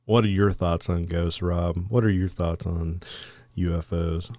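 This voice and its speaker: Man, podcast co-host, low voice, dry close sound, animated, profane storytelling. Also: measured pace, no room sound. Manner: animated, profane, acts out quotes. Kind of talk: casual storytelling chat.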